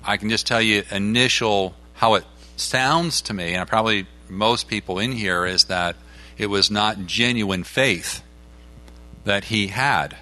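A man's voice: on the low side, a little slow, sharp tone. A man answering callers' questions on a call-in show, explaining things in a plain, teacherly way.

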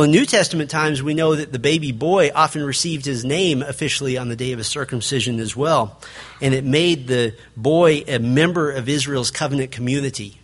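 A man's voice: medium pitch, fairly bright tone. A man preaching a sermon, reading scripture aloud and acting out quotes with an earnest delivery. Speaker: pastor.

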